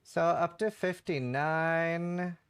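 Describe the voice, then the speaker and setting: Man, slightly high voice, rambling casual streamer chatter. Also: steady tone, takes it slowly, smooth. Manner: chatty, rambling, heavy use of "like". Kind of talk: casual livestream chat while gaming.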